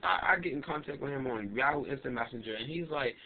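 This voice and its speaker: A young adult man vlogging, telling a story in an animated, emphatic and indignant way. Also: mid-range voice, fast talker, crowd noise. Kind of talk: casual ranting storytelling. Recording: tinny lo-fi webcam audio with faint hiss.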